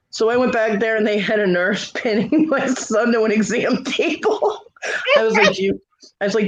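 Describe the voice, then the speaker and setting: A woman's voice: mid-range voice, expressive, moderate pace. A middle-aged woman telling a funny family story in a casual chat, laughing often and acting out the quoted voices. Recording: dull lo-fi live stream audio.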